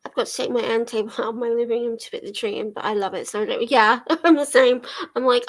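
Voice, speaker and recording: A young woman talks casually to her viewers from her living room. Her voice sits fairly high. She rambles, laughs easily and drops the odd swear word. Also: fairly even intonation, quick pace. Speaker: livestream host. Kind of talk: casual chat while reading chat aloud.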